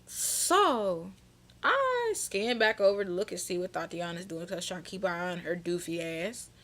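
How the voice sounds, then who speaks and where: A young woman telling a storytime vlog in a sassy, animated, slang-filled way. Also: on the low side, moderate pace. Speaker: vlogger.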